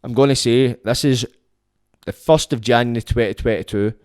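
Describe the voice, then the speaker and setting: A man's voice: medium pitch, moderate pace, a little mellow, smooth, no echo, studio quality. A Scottish man hosting a podcast, rambling and swearing in a casual monologue into his phone. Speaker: podcast host.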